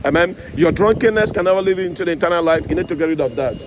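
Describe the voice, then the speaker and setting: A man with a high voice preaching outdoors beside a road. He keeps asking his listeners "Amen?" and "you see?", while loud traffic noise runs under the whole recording. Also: racing. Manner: call-and-response, repeated "Amen?" and "you see?". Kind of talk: street sermon. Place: outdoors by a road with passing cars in the rain.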